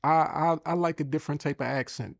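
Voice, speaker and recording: A man's voice: on the high side, a little fast, gravelly, no echo. Guy talking thru a tutorial, casual, restarts a lot, dry close sound. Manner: chatty, thinks aloud, repeats himself. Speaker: host. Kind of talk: casual screen-share tutorial.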